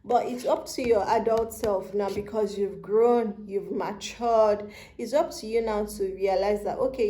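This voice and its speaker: A woman's voice: mid-range voice, dark tone, echoey room. A woman giving a channeled tarot reading, speaking tenderly to the listener and near tears as she talks. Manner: tender, emotional, addresses listener as baby and love. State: tearful, near crying. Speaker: tarot reader. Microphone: handheld phone camera.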